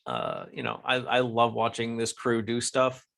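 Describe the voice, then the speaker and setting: An American man co-hosting a relaxed podcast chat. His voice sits at a middle pitch, and he rambles, circling back with fillers and restarts as he talks. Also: a little slow, creaky. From United States. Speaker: podcast co-host. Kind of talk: casual chat.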